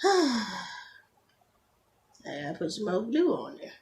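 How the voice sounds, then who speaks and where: Against a noisy background, a woman with a medium-pitched, sing-song voice walks through a nail tutorial. The beauty vlogger records on a camera phone, chatting away with jokey asides and flashes of exasperation.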